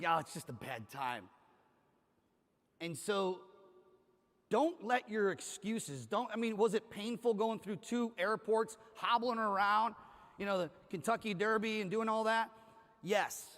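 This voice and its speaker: A man's voice: high voice, moderate pace, a bit bright. A man from Cleveland giving a motivational keynote on a conference stage, telling a story with energy and acting out the dialogue. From Cleveland, Ohio. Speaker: conference speaker. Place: large conference hall stage. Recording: hall reverb from stage PA.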